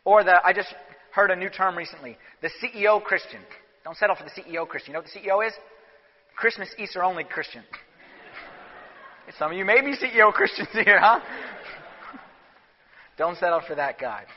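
Emphatic high-voiced male priest preaching, on a dull, echoey church recording. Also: normal speed, long pauses. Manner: animated and emphatic. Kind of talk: sermon.

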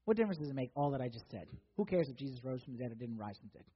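A man's voice: mid-range voice, sing-song, rapid-fire, a little hiss or hum. A man preaching a sermon in a casual, conversational way, acting out the people in the story as he goes. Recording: dull lo-fi sound with long hall reverb.

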